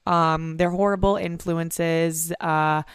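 A woman's voice: low-pitched, steady tone, takes it slowly, clean tone, no echo, clean studio sound. A young woman hosting a podcast from home, rambling in a casual, profane confessional monologue full of "like" and "um.". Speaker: podcast host.

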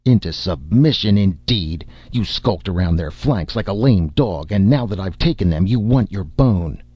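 A man voicing a boastful, quarrelling nobleman who is loud and indignant, in a dull lo-fi recording. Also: low voice, animated, normal speed, breathy edge, dry recording, pitched above the performer's own voice.

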